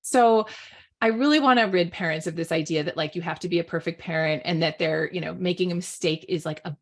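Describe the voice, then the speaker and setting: A woman's voice: fairly low pitch, fairly quick. A middle-aged woman, a parenting author, talking casually with lots of "like" and "you know" fillers. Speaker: author and guest expert on parenting. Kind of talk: casual online panel talk.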